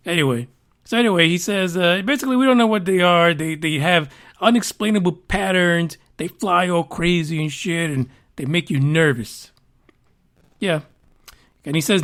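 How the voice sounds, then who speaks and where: A high-pitched man hosts a casual news podcast, reading out stories and riffing on them. His delivery is sarcastic and animated, and he swears freely. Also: normal speed. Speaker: podcast host.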